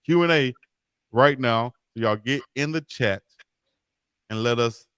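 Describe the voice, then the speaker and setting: A man's voice: mid-range voice, measured pace, a bit bright, clean tone, dry recording. A man co-hosting a casual live sports talk show, reading chat comments and sponsor plugs. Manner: hypes the chat, reads super chats and sponsor plugs. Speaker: co-host.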